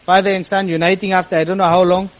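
Imam, high tenor-ish voice, earnest sermon storyteller, surges into impassioned peaks. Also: male voice, level tone, fast talker, poor audio.

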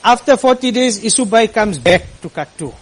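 Imam, high tenor-ish voice, earnest sermon storyteller, surges into impassioned peaks. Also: male voice, lively intonation, normal speed, poor audio.

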